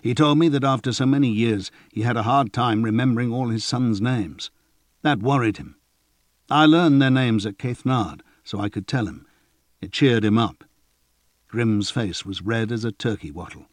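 A man reading a fantasy audiobook in an even, measured way. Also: medium pitch, no echo. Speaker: narrator. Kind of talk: audiobook narration.

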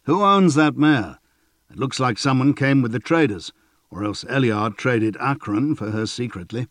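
A young lord speaks quietly and wryly, a touch higher than the reader's plain voice, as a male narrator reads him. The tone is calm and dry. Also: moderate pace, no room sound, lightly acted.

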